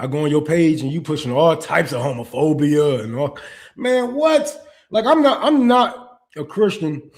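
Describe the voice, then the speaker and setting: A young man delivering a heated, profane rant, full of stumbles and restarts, that swings between loud outbursts and low muttering. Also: animated, moderate pace. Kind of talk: ranting monologue.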